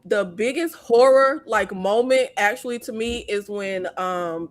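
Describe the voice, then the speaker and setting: A woman hosting a casual movie review chat, blunt and profane, talking in an animated way. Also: medium pitch. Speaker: host.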